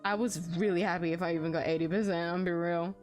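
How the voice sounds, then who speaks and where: A woman's voice: on the low side, fairly even intonation, fast talker, soft background music. A young Australian woman chatting and giggling through a game playthrough, reading the characters' lines aloud. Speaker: streamer.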